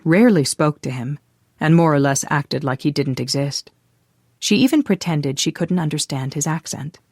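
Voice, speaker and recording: Measured audiobook narrator, mid-pitched, very dry close mic. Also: dry recording. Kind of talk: scripted narration.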